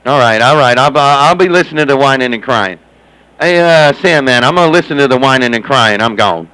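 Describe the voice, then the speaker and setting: A man's voice: mid-range voice, lively intonation, a little fast, sharp tone, smooth, low-quality recording. A man chatting and joking over CB radio, repeating himself and calling out to other operators by handle. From Southern California.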